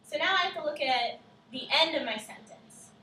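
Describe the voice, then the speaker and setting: A woman co-teaching a class, explaining clearly step by step and asking the children questions. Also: high voice, moderate pace, pushed and bright, slight background noise. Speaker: student teacher. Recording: echoey classroom from far off.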